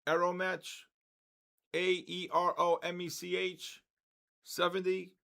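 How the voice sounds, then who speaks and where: Older male stream host, gravelly and slow-paced, excitable, voice worn out. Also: high voice. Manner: excitable, calls out chat names. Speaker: trading livestream host. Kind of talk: live trading stream chat.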